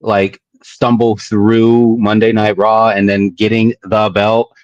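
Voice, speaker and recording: A man guesting on an interview show, chatting casually and telling animated stories with drawn-out emphasis. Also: no echo. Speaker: guest wrestler. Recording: dull low-fi audio.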